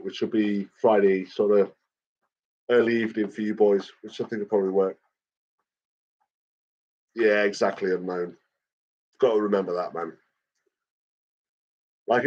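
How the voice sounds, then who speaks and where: A man's voice: lowish voice, darkish tone, muffled recording. A man in casual, rambling chat with his viewers, swearing often and filling gaps with "like" and "um". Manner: rambling and sweary, with frequent fillers. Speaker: livestreamer chatting with viewers.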